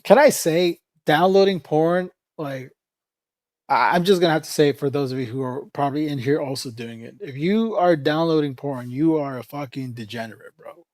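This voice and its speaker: A male livestreamer chats loosely with his viewers, swearing freely and laughing between thoughts. His voice sits somewhat high for a man. The sound is dry, with no room echo. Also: moderate pace, a little mellow. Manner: rambling, profane, laughs often. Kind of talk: casual livestream chat.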